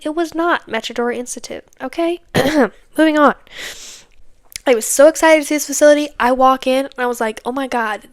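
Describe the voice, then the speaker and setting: A young woman in her twenties tells her own story on a podcast, rambling from point to point and tagging sentences with little checks to the listener. Her voice sits a bit high and sounds smooth and clear. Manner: chatty, rambling with many fillers and tag questions. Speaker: podcast host. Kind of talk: casual personal storytelling.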